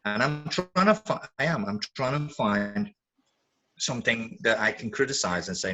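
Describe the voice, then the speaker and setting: A man's voice: mid-range voice, expressive, moderate pace, sharp tone, soft background music, poor audio. A man scoring a contestant with playful, teasing banter and mock-pleading jokes. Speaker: co-host and judge. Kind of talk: playful game show banter.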